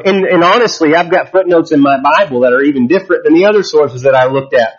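Higher-voiced man preaching, muffled recording. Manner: slow, emphatic reading that turns into loose explaining with fillers and restarts. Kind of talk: sermon with scripture reading.

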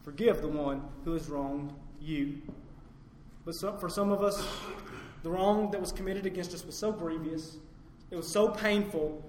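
A male pastor delivers a sermon with a fairly high voice. He climbs to loud, emphatic peaks and then drops low and quiet on his key points. His voice rings through a roomy hall with a long reverb tail over a faint background hum. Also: moderate pace.

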